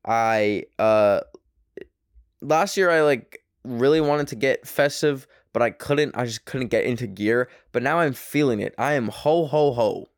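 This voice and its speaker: A man's voice: medium pitch, measured pace, no echo, studio quality. A young man from Canada hosting his own podcast, talking in a loose, rambling monologue full of fillers and swearing, recorded in his small apartment bedroom. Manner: rambling, profane, heavy on fillers. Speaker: podcast host. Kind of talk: casual monologue.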